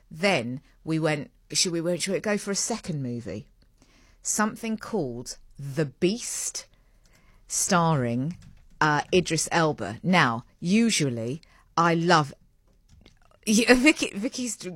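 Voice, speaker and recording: A woman's voice: sits low, no echo, studio quality. A woman hosting a radio breakfast show, chatting in a rambling, self-mocking way.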